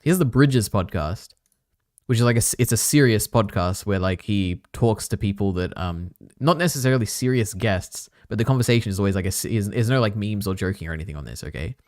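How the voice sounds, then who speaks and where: A man's voice: lowish voice, animated, brisk, a little mellow, dry recording, clean studio sound. A man chatting casually on a live stream, reacting to clips and rambling with lots of filler words. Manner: rambling, many fillers, chatty asides to chat.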